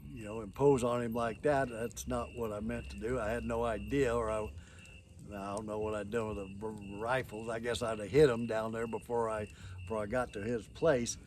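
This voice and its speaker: A man's voice: fairly low pitch, flat delivery, normal speed, a little mellow, slight background noise. Rambling folksy older man telling stories. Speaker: storyteller. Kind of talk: casual spoken storytelling.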